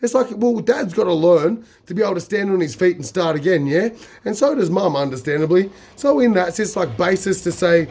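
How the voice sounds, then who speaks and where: Rambling Australian man, slightly husky. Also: sits high, animated, brisk, darkish tone. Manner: rambling, fills with "say" and "like". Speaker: vlogger. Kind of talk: casual talk to camera.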